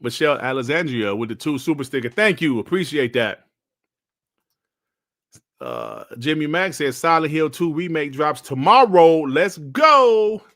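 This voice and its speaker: Animated, profane male podcast host. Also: on the high side, a little slow. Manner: blunt, profane, slangy. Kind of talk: casual gaming podcast rant.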